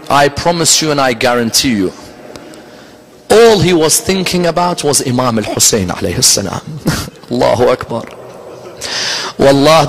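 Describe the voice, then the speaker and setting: A man giving a Muharram majlis sermon, telling the story step by step and building to an impassioned, near-shouting recital. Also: on the high side, low-quality recording. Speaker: Islamic lecturer.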